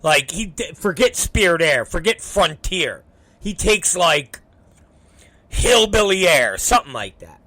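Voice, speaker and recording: A man hosting a talk show, telling a story in a casual, profane, animated way. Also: high voice, a little slow, no room sound. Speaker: show host.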